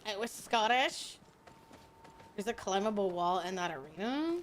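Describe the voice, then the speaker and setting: A young woman streaming a game, chatting casually with crude, teasing humor and loud bursts of laughter. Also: mid-range voice, lively intonation, a little slow, a little hiss or hum.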